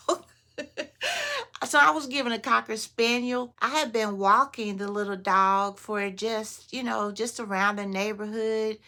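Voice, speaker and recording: A woman vlogger telling a story in a casual, animated way, often laughing and talking straight to her viewers. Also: medium pitch.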